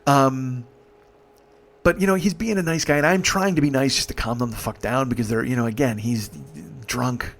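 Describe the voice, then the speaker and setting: A man in his forties telling a comic story, animated and full of profanity. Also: mid-range voice. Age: 40s. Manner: profane, animated, fast-talking. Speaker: comedian and podcast host.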